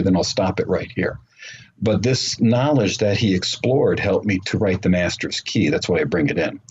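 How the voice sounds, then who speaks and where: A man telling his story as an interview guest, earnest and unhurried, with frequent ums and uhs. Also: low voice, a little mellow, breathy edge. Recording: muffled remote call audio with faint noise.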